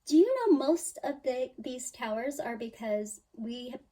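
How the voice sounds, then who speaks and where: A woman giving a spiritual tarot reading in a slow, unhurried voice. Her tone is mellow and dark, set a little high, and she speaks in an emphatic, soothing way, sighing now and then. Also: low-quality recording. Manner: emphatic, soothing, with sighs and mock-quoted worries. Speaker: tarot reader.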